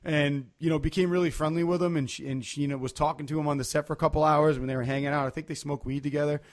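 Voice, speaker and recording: A man's voice: on the high side, fairly even intonation, very fast. A man, chatting casually on a podcast and telling loose, rambling stories full of fillers. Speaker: podcast co-host. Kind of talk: casual chat.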